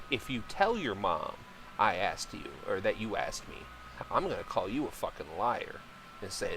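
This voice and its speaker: A man's voice: on the low side, fairly bright tone, slight background noise, low-quality recording. A man chatting casually while streaming a game, blunt and profane, joking about being a dad. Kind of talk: casual rambling chat while gaming.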